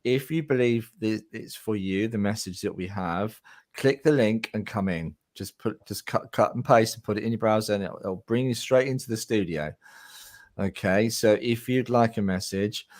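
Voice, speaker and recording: A man hosting a live-stream about mediumship, chatting casually and speaking directly to viewers. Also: fairly low pitch. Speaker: host.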